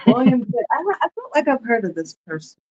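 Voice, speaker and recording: A woman comedian on a podcast as a guest, telling stories in casual chat, giggly and animated, swearing casually. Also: on the high side, a little fast, muffled recording. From United States.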